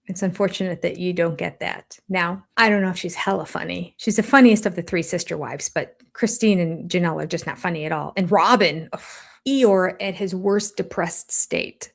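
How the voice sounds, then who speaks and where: A woman's voice: lowish voice, creaky. An older woman giving blunt, sarcastic reaction commentary on a reality TV show.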